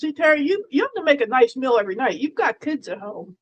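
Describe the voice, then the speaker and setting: Her voice is high-pitched and sing-song, and she talks fast, though the audio sounds dull. As a livestream host, she chats loosely with viewers, rambling with frequent fillers and restarts while poking fun at chat commenters.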